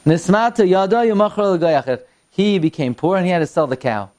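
A man with a slightly high voice teaches a Torah lesson as an animated story. He reads out lines of old Hebrew text and then retells them in English full of Yiddish words. His voice climbs higher and louder as the tale builds. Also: brisk.

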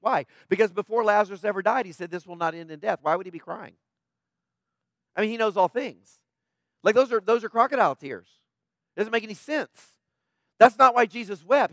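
A man's voice: sits high, a bit bright, no room sound, clean studio sound. A man preaching a conversational sermon, emphatic and plainspoken, often checking in with the listeners. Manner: emphatic, tags points with "right?". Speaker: pastor.

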